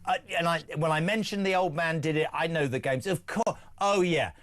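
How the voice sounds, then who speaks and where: Male talk host, slightly high, teasing, halting restarts. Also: a bit bright. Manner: stammering, teasing, restarts often. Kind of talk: casual chat.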